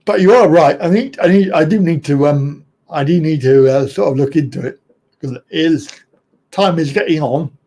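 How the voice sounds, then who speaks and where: A man's voice: fairly high pitch, moderate pace, warm tone. A middle-aged man hosting a casual live chat, talking bluntly and ramblingly, and chuckling often at his own remarks. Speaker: livestream host.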